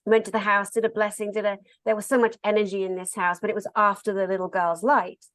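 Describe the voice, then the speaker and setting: A woman co-hosting a casual conversation. She rambles through asides and restarts, at a middle pitch. Her voice sounds close and dry, with no room around it. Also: little pitch movement, quick pace, a bit bright, dry recording. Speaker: co-host. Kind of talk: casual chat.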